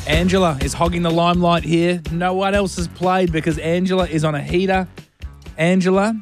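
A man's voice: high voice, fairly even intonation, fairly quick, over music. An Australian man hosting a radio call-in game, teasing callers with joking banter. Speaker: radio host.

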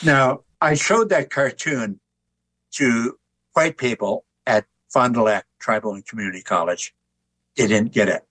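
An older man, an author and artist, telling stories in a relaxed, anecdotal way during an interview. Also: medium pitch, unhurried, low-quality recording. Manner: relaxed anecdotal telling, chuckles at his own jokes. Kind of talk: conversational interview storytelling.

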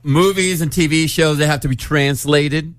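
A man's voice: on the high side, steady tone, moderate pace, no echo. A man hosting a morning radio show, upbeat and laughing as he leads the segments. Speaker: radio host.

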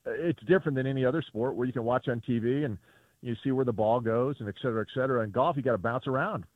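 Over a tinny phone line, a golf reporter tells stories in a phone-in radio interview, animatedly acting out the voices of people he quotes. His voice is mid-range, his pace quick, and there's no room sound.

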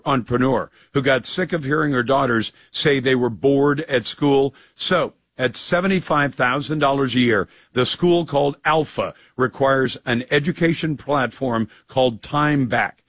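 Hoarse opinionated talk radio host man. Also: mid-range voice, fairly bright tone, no room sound. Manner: brisk, opinionated delivery. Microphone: studio broadcast mic.

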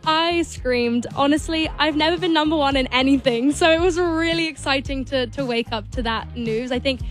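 A teenage girl with a high, light voice talks as a radio interview guest, bubbly and gushing, tumbling through fillers. Faint music plays behind her in the studio. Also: normal speed. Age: teens. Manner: bubbly, gushing, lots of likes. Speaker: guest singer and actor.

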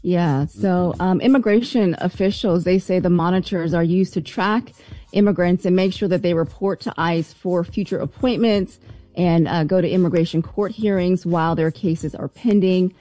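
A woman giving a news report on a radio talk show, measured and with a few fillers. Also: fairly low pitch, warm tone, no room sound.

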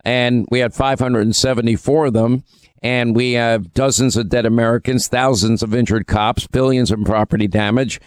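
Smooth-voiced male talk radio host. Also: medium pitch, steady tone, moderate pace, dry recording. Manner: emphatic, opinionated delivery.

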